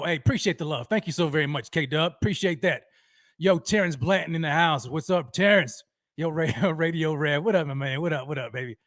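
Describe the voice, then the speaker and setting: A man hosting a sports fan livestream, reading out viewers in an excited, high-energy roll call. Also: dry recording, clean studio sound. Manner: hyped, energetic shout-outs to viewers.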